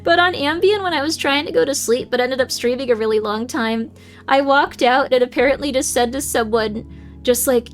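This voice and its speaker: High-voiced rambling woman streamer. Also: moderate pace, soft background music. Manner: rambling storytelling with many "like" fillers. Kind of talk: casual livestream chat.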